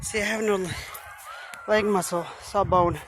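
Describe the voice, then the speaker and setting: A woman's voice: medium pitch, steady tone, moderate pace. A woman vlogging while hiking outdoors, out of breath and muttering to herself between steps. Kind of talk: casual self-talk while hiking. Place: outdoors on a hillside trail. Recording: noisy outdoor phone recording.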